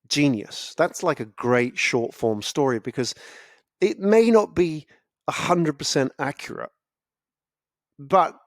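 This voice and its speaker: A man giving a casual, animated talk about storytelling, often acting out other people's reactions. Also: on the high side, dry recording, studio quality. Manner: animated, acts out listeners' reactions. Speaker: speaker on storytelling.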